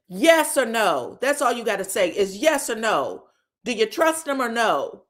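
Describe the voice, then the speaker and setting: Sassy woman dishing reality gossip. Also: on the high side. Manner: frank and profane, calls listeners baby and girl; animated, breaks into stutters and outbursts. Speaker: reality TV recap host. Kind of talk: casual gossip commentary.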